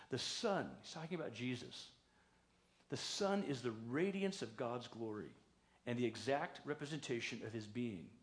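A male pastor preaching a conversational sermon in a church, telling stories and acting out quoted voices. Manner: conversational storytelling preaching, acts out quotes with raised pitch. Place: church sanctuary.

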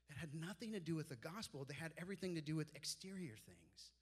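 Preaching fast and expressively with hardly any pauses, this pastor in his forties weaves personal stories into his sermon, his voice carrying a breathy edge. He goes soft and low whenever he quotes his mentors.

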